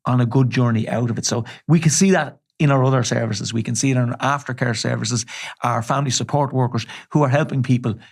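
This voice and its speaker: A middle-aged man with an Irish accent speaking as an interview guest, telling a story in a measured, earnest way and often restarting his sentences. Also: mid-range voice, steady tone, creaky, slightly rough. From Ireland. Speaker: charity chief executive, interview guest.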